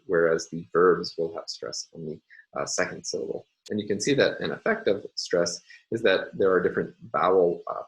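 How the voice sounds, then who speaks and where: Very deep-voiced man lecturing on phonology. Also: rough recording. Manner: measured and explanatory, with frequent ums and uhs. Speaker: university lecturer. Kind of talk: recorded lecture.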